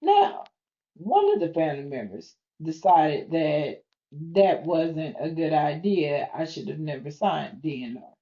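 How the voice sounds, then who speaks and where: Middle-aged woman, podcast host, earnest open monologue, mellow strained voice, slightly dull lo-fi sound. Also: unhurried. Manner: expressive, open and earnest, pitch swinging high and low. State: voice strained by lung disease, sometimes near a whisper.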